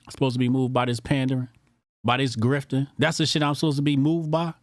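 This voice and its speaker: A man's voice: medium pitch, little pitch movement, quick pace, no room sound, clean studio sound. A man hosting a casual commentary show, brash, profane and mocking.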